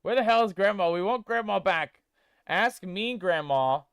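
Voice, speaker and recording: A man's voice: high-pitched, animated, normal speed, fairly bright tone, smooth, no echo, clean studio sound. A man streaming a game, chatting casually and playfully with viewers he calls mateys while reading chat aloud. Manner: reads chat aloud and tests text-to-speech voices.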